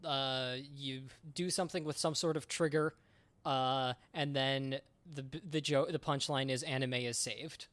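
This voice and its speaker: A man's voice: medium pitch, steady tone, a little slow, fairly bright tone, smooth, no room sound. A man in casual chat, laid back and trading dry quips. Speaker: podcast co-host.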